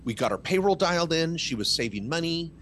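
A man's voice: fairly high pitch, brisk, slight background noise. A middle-aged man, a tax lawyer guest, talking in casual podcast chat and telling stories with emphasis. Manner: animated, emphatic storytelling.

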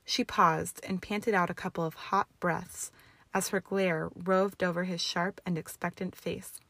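A woman reads a story aloud in a steady, measured way, her voice set a little low. The sound is dry and close, with no echo. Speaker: audiobook reader. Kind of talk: reading fan fiction aloud.

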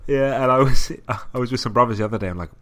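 A man's voice: medium pitch, fast talker. A young man, chatting and laughing as a podcast co-host on a remote call. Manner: chatty, laughs often, digresses. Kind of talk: casual chat.

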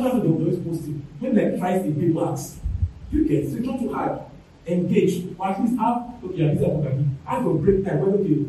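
A man preaching in a church hall, pleading and repeating his points with lively swings in pitch. His voice sits high but sounds dark and mellow. It is caught from far off in a very echoey room. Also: slight background noise. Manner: emphatic, repetitive pleading. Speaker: pastor. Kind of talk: sermon.

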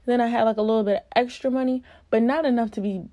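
Young woman telling an animated storytime. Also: a little high, quick pace, no echo. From Virginia, US. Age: early 20s. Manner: animated, expressive retelling. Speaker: vlogger. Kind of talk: casual storytime.

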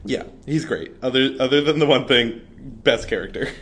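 A man's voice: mid-range voice, normal speed, fairly bright tone, soft background music. A young man in college chatting casually about a movie, giggling often and packing his talk with fillers. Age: young adult. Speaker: college student reviewing a movie. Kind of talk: casual chat.

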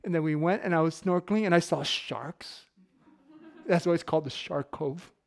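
A man's voice: a little high, moderate pace, gravelly. A middle-aged man giving a casual sermon full of personal stories, joking and laughing often. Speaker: pastor.

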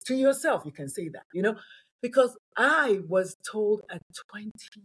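A woman's voice: mid-range voice, lively intonation, normal speed, breathy edge. A woman from Nigeria, a pediatrician and coach, talking emphatically in an interview and repeating phrases for effect. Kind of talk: animated interview talk.

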